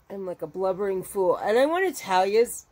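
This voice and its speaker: A middle-aged crochet vlogger chats casually at home with her dogs, rambling and getting emotional as she goes. Her voice is medium in pitch and a little mellow.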